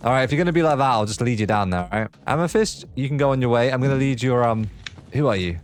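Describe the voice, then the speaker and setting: A young man hosting a casual let's play, chatting as he builds and talking fondly to the creatures in his game. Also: mid-range voice. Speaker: gaming video host.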